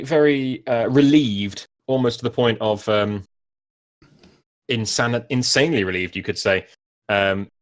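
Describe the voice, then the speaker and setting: A man narrating as game master of a tabletop game, rambling and self-mocking with many fillers. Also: on the low side.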